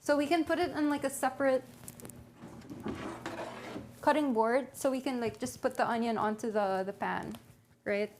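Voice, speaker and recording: A woman's voice: sits high, fairly even intonation, normal speed, pauses often, darkish tone, a little hiss or hum. A young woman livestreaming from a home kitchen, casually chatting and thinking aloud as she reads a recipe to her viewers. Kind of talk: casual cooking stream chat.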